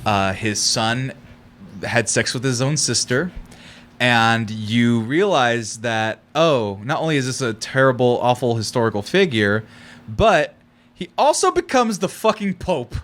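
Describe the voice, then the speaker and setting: A man co-hosting a podcast, telling stories in casual chat with lively swearing. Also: mid-range voice, measured pace. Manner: animated storytelling with swearing. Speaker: podcast co-host.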